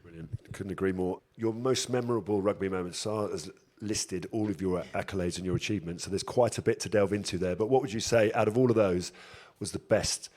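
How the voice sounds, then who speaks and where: A man co-hosting a podcast, asking quick-fire questions in a relaxed, jokey way. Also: low voice. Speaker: podcast co-host. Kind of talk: casual quick-fire interview chat.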